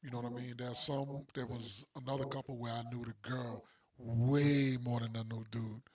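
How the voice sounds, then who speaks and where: A man on a podcast, spinning a story in relaxed, slangy talk. He drops into quick voices for the people he quotes, then comes back to his own easy chat. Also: medium pitch, a crowd in the background. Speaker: podcast co-host.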